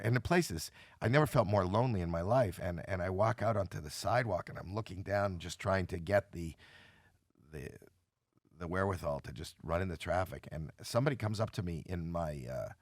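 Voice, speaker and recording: A man's voice: low-pitched, no room sound, clean studio sound. A man in his sixties, a podcast guest, candidly retelling a painful experience, acting out the voices of the people in it. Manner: emotional, dramatic retelling with quoted voices. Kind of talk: candid storytelling.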